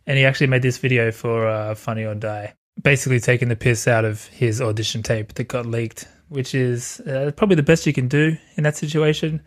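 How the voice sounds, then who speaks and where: A man's voice: medium pitch, steady tone, a little fast, hardly any pauses. A man hosting a podcast in a casual, jokey way, swearing freely. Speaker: podcast host. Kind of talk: casual chat.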